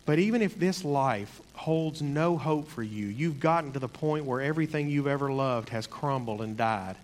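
Man, sermon, earnest, conversational, mid-pitched voice, reverberant hall. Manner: earnest, conversational, slows for emphasis. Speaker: preacher.

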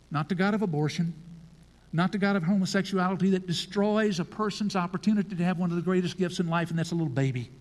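A man preaching an emphatic, animated sermon and acting out scripture scenes. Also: high-pitched. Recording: long hall reverb.

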